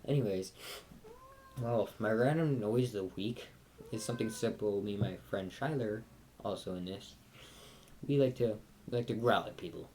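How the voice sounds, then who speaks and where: A man's voice: lowish voice, moderate pace, pauses often, darkish tone, a little hiss or hum. A teenage boy vlogging casually from his bedroom, rambling and joking while he holds a cat. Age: teens. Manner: rambling, jokey, talks to a cat. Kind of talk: casual chat to camera. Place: bedroom at home.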